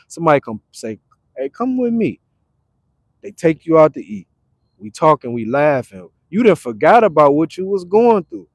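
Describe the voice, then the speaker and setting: A man from Detroit talking casually on a livestream, animated and repetitive, breaking into loud acted retorts. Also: fairly high pitch, dry recording. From Detroit, Michigan. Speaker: livestream host. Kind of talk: casual motivational livestream talk. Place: now staying in Arizona.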